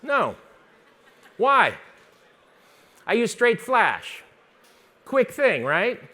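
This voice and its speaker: A male photography teacher with a high, sharp-toned voice and big swings in pitch runs a live workshop demo on a conference stage. Fast-talking and full of jokes, he chats with the audience and quizzes them as he goes.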